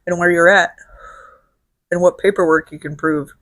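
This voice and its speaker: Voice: medium pitch, fairly even intonation, normal speed, a bit bright, no echo, studio quality. A host from Illinois, answering viewer questions in a casual solo vlog with blunt, profane, sardonic humor. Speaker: show host.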